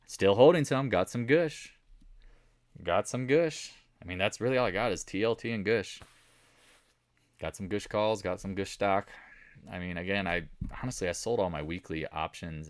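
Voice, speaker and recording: A man's voice: deep voice, dry recording. A man from the Southern United States hosting a market recap, talking in a casual, rambling way and repeating his points. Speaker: stock trading video host.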